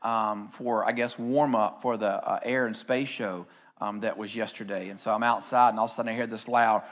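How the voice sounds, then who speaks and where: A man pastor preaching a sermon, reading scripture and telling animated stories with shouted asides. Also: fairly low pitch, brisk. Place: church stage.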